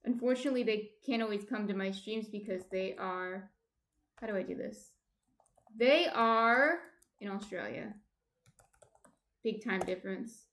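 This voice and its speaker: A woman's voice: medium pitch, measured pace, long pauses, a bit bright, slight background noise. A woman hosting a casual cooking livestream from her home kitchen, chatty and light-hearted. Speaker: cooking streamer host.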